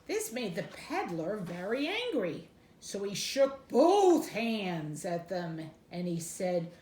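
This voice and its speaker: Speaking directly to small children, a woman with a high voice reads a storybook aloud at a very slow pace. Her delivery is sing-song and expressive, with dramatic gasps. The recording carries a roomy echo and faint background noise.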